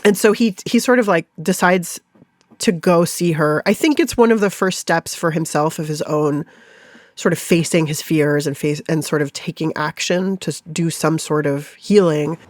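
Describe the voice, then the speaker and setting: Animated, laughing woman chef. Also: sits low, moderate pace, no room sound. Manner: animated, laughing, lots of fillers, acts out quoted thoughts. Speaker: chef and food writer, guest. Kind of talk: casual interview conversation.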